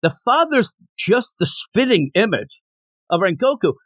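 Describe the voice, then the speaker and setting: A man with a fairly high, very lively voice recaps a manga chapter on a podcast, swinging up and down as he tells the story. He slips into quick character voices along the way. The sound is close and dry, with hardly any room around it. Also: no echo. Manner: animated, jumps into character voices while retelling. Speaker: podcast co-host.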